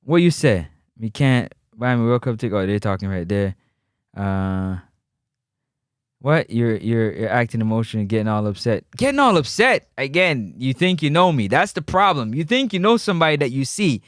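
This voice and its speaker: A man hosting a live call-in football show, teasing and animated in his street slang. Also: mid-range voice, moderate pace, no echo, studio quality. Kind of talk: casual live sports talk.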